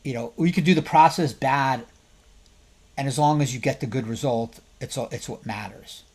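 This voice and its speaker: Husky-voiced man, emphatic podcast commentary. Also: medium pitch, normal speed. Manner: conversational, often asking the listener rhetorical questions; gets louder and more emphatic when making a point. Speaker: therapist and podcast host.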